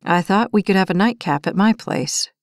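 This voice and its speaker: Woman doing a pushy young guy, slow low coaxing talk, dry close sound. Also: no echo, lightly acted. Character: smooth, pushy young man on a date.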